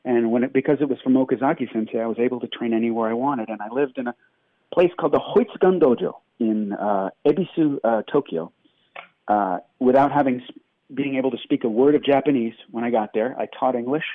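A man who grew up in New York chats as a guest on a tinny, phone-like line. His delivery is self-deprecating and halting, full of fillers and quick jokes, and the sound is dry with no room. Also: medium pitch, dry recording. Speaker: actor guest. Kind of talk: casual interview chat.

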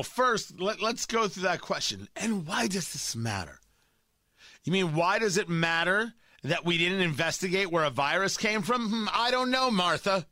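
A man's voice: a little high, bright, forceful tone, no room sound, clean studio sound. A man hosting political commentary, sarcastic and heated, mocking his targets as he rants.

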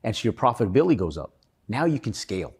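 A man's voice: fairly low pitch, very animated, fast talker, darkish tone, husky. A man being interviewed, talking earnestly about his own experience. He rambles and often restarts his sentences. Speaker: podcast guest. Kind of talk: casual interview storytelling.

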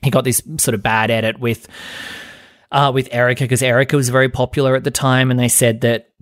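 Male podcast host, gossipy and chatty, medium pitch, dry close mic. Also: level tone, a little fast, a bit bright, no echo. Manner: chatty, gossipy, dramatic mimicry in falsetto. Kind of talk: casual chat recap.

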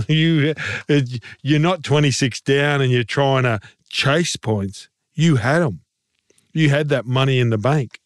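A man's voice: medium pitch, measured pace, no room sound, clean studio sound. A man co-hosting a rugby league podcast, giving blunt, passionate opinions in casual chat. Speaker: podcast co-host, former rugby league player. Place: podcast studio.

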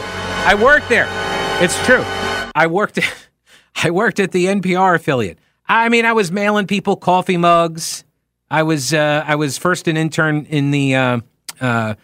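A man's voice: on the high side, fairly bright tone, dry recording, studio quality. A man with a slightly nasal voice and a Long Island accent, talking as a radio talk show host in a chatty, rambling way with wry asides. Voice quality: a little nasal. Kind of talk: casual talk radio monologue. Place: radio studio. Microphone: studio microphone.

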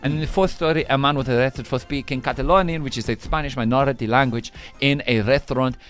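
Animated man hosting a news quiz. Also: medium pitch, fast talker, faint music behind. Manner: animated, teasing, laughs often. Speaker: radio show host.

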